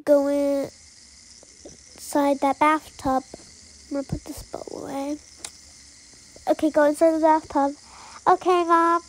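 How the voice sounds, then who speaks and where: High-pitched, slow-talking role-play narrator. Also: female voice, little pitch movement, a little mellow, slight background noise. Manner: chatty, addresses viewers, many fillers. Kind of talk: playing a mom in a toy role-play.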